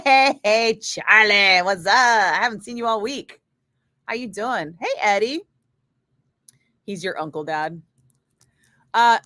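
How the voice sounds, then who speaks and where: This middle-aged woman, a radio DJ, is blunt and swears a lot as she casually chats with livestream viewers and fires off quick asides to the chat. She records in a home studio on a studio microphone, producing studio-quality audio with no echo, and her mid-range voice is a bit bright.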